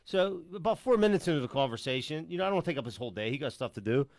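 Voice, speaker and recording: A man's voice: fairly high pitch, animated, racing, a little mellow, dry recording. A man co-hosting a podcast, rambling through a story with lots of "you know.". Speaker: podcast co-host. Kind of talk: casual banter.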